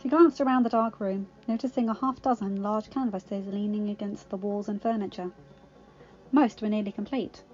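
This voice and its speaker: A woman reading a fan fiction story aloud as a narrator, expressive and steady. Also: mid-range voice, moderate pace, lo-fi sound, soft background music. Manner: expressive, voices the characters. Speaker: audiobook reader.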